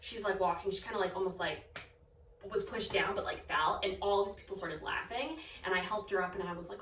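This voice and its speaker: A woman's voice: medium pitch, fairly quick, fairly bright tone. A young woman telling a personal story in a casual, chatty way, full of filler words and quoted dialogue. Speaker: storytime vlogger. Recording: roomy, distant from the mic.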